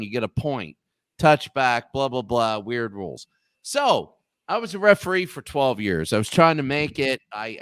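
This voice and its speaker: A man's voice: mid-range voice, clean tone, no room sound. A man in his thirties tells a long, rambling story as a guest on a casual talk show, restarting his sentences as he goes. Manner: rambling, animated anecdote with restarts.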